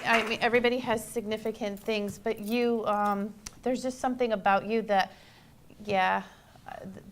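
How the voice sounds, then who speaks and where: A woman medium addresses the grief support group she leads. Her voice sits at a middle pitch, and her delivery is emotional and halting, full of fillers and restarts. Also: fairly even intonation, a loud crowd, heavy background noise.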